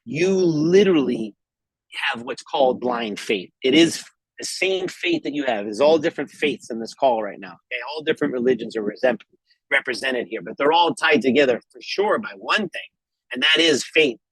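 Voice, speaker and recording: A middle-aged man with a husky, slightly breathy voice delivers a preachy motivational talk to a group call. He is emphatic and repetitive, and he keeps pausing to ask "okay?" The sound is dry and close, with no room around it. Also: medium pitch, lively intonation, no room sound, poor audio. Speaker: network marketing leader speaking on a group call.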